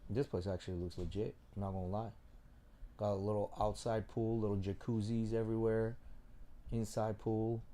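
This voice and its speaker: A man hosting a podcast, chatting loosely and thinking out loud, with some swearing. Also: on the low side, flat delivery, normal speed. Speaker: podcast host. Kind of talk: casual chat.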